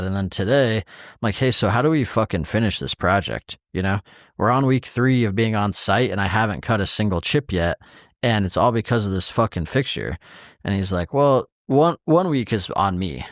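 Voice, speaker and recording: A man's voice: fairly low pitch, moderate pace, no room sound, studio quality. Exasperated man swearing through a work rant. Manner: exasperated storytelling, heavy swearing, acts out quoted exchanges. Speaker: podcast co-host. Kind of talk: casual podcast chat.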